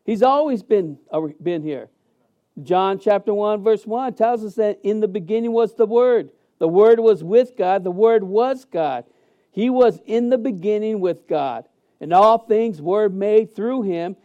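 A man preaching a sermon as pastor in a church sanctuary, emphatic and animated, with many fillers and restarts. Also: sits high, measured pace, narrow, tinny audio.

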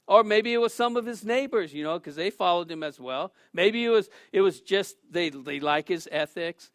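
A middle-aged man preaching a sermon as pastor, telling stories with lively acted-out quotes and laughter. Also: sits high, moderate pace, no room sound, clean studio sound. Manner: animated storytelling, acts out quotes with shouts and laughs.

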